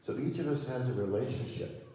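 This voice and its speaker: A man preaching a sermon at a spiritual center, speaking slowly and gently with many pauses as he leads affirmations. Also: mid-range voice, lively intonation. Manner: slow, gentle, pausing preacher leading affirmations. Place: church hall. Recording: echoey hall, mic from far off.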